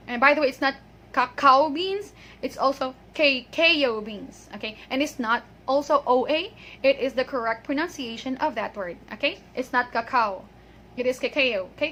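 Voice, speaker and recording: High bright-voiced woman teaching pronunciation. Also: a little hiss or hum. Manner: patient, drills words and checks with "okay?"; repeats words slowly to model them. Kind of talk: online pronunciation lesson.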